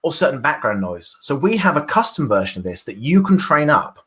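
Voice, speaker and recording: A man's voice: fairly high pitch, very animated, brisk, a bit bright. British man demoing code. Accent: British English. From Britain. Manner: enthusiastic, explanatory, with restarts. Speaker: workshop presenter. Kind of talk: live coding demo talk.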